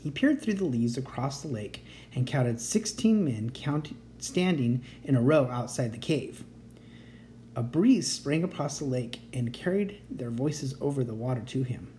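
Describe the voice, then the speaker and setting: A storyteller reading a children's chapter book aloud in a gentle, even narration. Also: mid-range voice, measured pace, a little hiss or hum.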